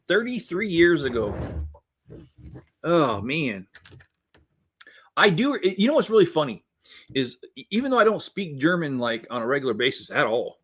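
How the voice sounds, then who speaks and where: A man's voice: on the high side, big pitch swings, moderate pace, long pauses, husky. Chatty joking man in his fifties. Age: 50s. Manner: rambling and jokey, chuckles often. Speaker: host building LEGO sets while reading viewer chat. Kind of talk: casual live-stream chat.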